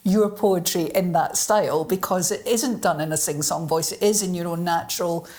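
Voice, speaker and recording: A woman interviews a guest on stage. Her voice sits slightly low, and she builds her questions slowly, restarting her phrases. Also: a little mellow. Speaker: festival interviewer. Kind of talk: onstage interview.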